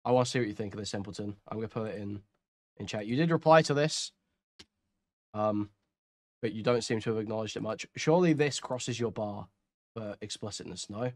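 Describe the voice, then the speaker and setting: A man's voice: fairly low pitch, brisk, a little mellow, no room sound, clean studio sound. A man on a voice call, making his point in a hesitant, stammering way. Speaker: debater on a voice call. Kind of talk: argumentative call chat.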